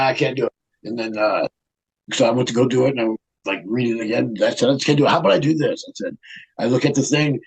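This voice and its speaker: A man's voice: mid-range voice, vocal fry, breathy edge, rough recording. An older man as an interview guest, telling a rambling, profane story and acting out what others said. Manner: rambling, profane, repeats himself, quotes others. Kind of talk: casual storytelling.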